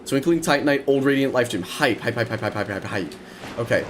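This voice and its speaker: A young man commentating his own video game run, excitable and prone to repeating words in rapid bursts. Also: mid-range voice, background noise. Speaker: gaming streamer. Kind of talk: let's play commentary.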